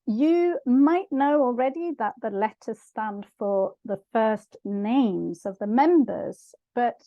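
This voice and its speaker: A woman co-presenting a pronunciation lesson, explaining calmly. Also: fairly high pitch, dry recording, highs cut off. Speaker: co-host language teacher.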